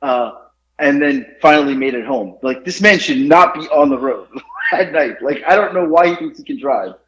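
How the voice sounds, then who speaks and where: A man in his forties telling stories on a casual podcast, animated and laughing often. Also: fairly high pitch, normal speed. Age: 40s. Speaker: podcast co-host. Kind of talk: casual storytelling chat. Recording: roomy, dull lo-fi sound.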